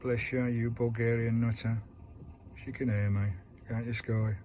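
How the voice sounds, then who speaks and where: British vanlife vlogger, chatty and doting, recorded outdoors with a noisy background. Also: male voice, mid-range voice, level tone, measured pace, warm tone. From United Kingdom. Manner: chatty, doting, talks fondly to his dog. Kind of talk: casual vlog chat. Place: in and around a camper van at a campsite.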